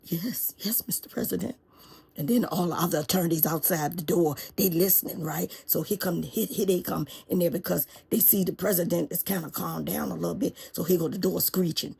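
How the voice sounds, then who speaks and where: Gravelly-voiced woman telling a comic story. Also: on the low side, a little fast, hardly any pauses. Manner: animated, folksy, talks to listeners directly. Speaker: show host. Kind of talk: comedic storytelling.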